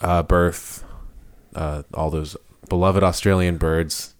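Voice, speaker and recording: A man's voice: low voice, fairly even intonation, slow pace, clean tone. A man co-hosting a comedic podcast, rambling through tangents with frequent restarts and laughter. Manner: rambling, self-interrupting, laughs often. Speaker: podcast co-host. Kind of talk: casual comedic chat.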